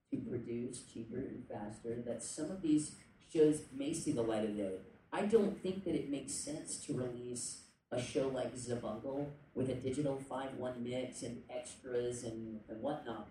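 A man talking casually to a convention panel audience, rambling with jokey asides and quick tangents. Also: medium pitch, warm tone. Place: indoor convention panel room. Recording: echoey room, distant mic, faint noise.

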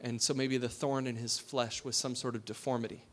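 This sermon comes from a pastor who speaks a little fast in a level, mid-range voice. He keeps things conversational, puts questions to his listeners, and sinks to a hush when he wants emphasis.

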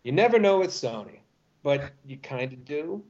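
A man's voice: on the high side, normal speed, highs cut off. A middle-aged man, a voice actor guest, telling stories animatedly with frequent restarts. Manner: animated storyteller with many restarts. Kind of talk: interview chat.

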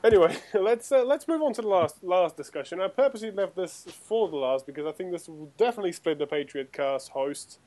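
A man's voice: high voice, expressive, fairly quick, hardly any pauses, a little mellow. A man hosting a casual gaming podcast, teasing his co-hosts and steering the talk along. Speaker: podcast host.

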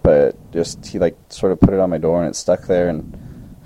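Very deep, mellow young man. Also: moderate pace, a little hiss or hum, low-quality recording. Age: young adult. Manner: rambling, animated retelling with quoted voices. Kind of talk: casual chat, storytelling.

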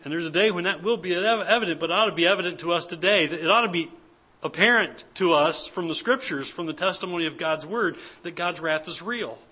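A man's voice: sits high, fairly quick, pushed and bright, breathy edge. A man preaching an earnest, emphatic church sermon as pastor, repeating his key points. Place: church service.

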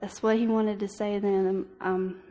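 A woman's voice: mid-range voice, little pitch movement, warm tone. Earnest young woman speaking in an echoing hall. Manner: earnest, halting, with frequent ums and restarts. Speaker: speaker giving a church devotional. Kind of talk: personal testimony talk. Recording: long reverb of a hall.

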